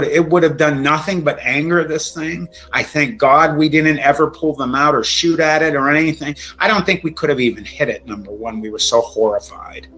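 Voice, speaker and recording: A man's voice: a little high, a bit bright, low-quality recording. Shaken middle-aged man recounting a scare. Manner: emotional, halting, many restarts. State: shaken, near tears. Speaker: storytelling guest. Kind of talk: recounting a true scary story.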